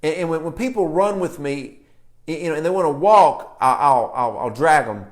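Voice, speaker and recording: A middle-aged man preaching a sermon in a forceful, folksy country manner, telling stories from his ministry. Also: fairly high pitch, animated, moderate pace. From rural American. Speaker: apostle and preacher.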